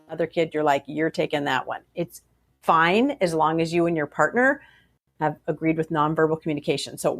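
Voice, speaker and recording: A woman psychologist answering interview questions about parenting, animated and acting out the voices of parents and kids. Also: on the low side. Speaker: child psychologist guest.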